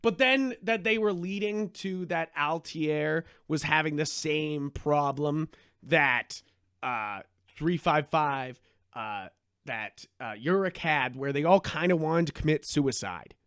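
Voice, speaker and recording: Man, high voice, animated and swearing, rambling restarts, dry close sound. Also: slow, smooth, no echo. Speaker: podcast co-host. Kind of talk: casual podcast chat.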